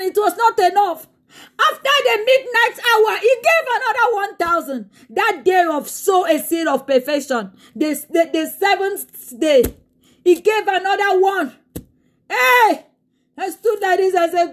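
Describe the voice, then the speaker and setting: Woman preacher, very high pitched voice, impassioned, tearful shouting. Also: lively intonation, normal speed. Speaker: pastor. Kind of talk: sermon.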